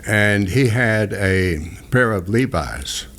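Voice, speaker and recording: Taking it slowly, this older southeast Texas radio host has a low, expressive voice with a bit of brightness. His casual talk drifts through folksy, rambling stories, punctuated by restarts and chuckles.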